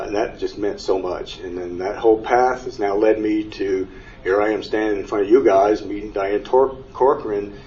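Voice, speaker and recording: Low-voiced man giving earnest testimony. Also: warm tone. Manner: earnest, emotional storytelling that rises when moved. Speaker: panel speaker sharing his near-death experience. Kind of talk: personal testimony at a conference. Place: conference room before an audience. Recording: distant, dull mic with faint hiss.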